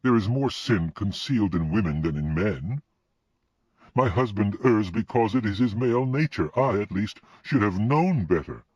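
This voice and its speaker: A man voicing a distraught, sharp-tongued middle-aged woman in an audiobook, speaking in a raised, emphatic voice. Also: lively intonation, moderate pace, husky, dry recording. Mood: rueful. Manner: raised pitch, emphatic and indignant. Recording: dull lo-fi recording.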